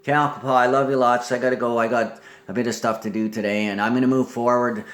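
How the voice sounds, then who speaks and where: A man's voice: medium pitch, little pitch movement, fast. A man in a rambling spoken monologue, swearing and jumping between topics while talking to absent relatives. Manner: talks to absent relatives as if present.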